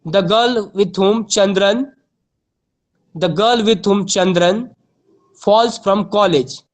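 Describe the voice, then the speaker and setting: At an unhurried, deliberate pace, a woman teacher with a mid-range voice dictates literature notes. Every phrase gets repeated, and she spells key words letter by letter so her students can copy them down.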